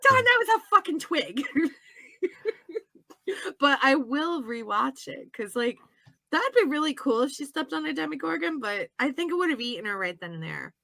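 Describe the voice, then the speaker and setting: Lively, high-voiced woman co-hosting a chat. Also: a little fast, gravelly, no room sound. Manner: animated, laughing, acts out characters. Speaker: podcast co-host. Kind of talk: casual chat.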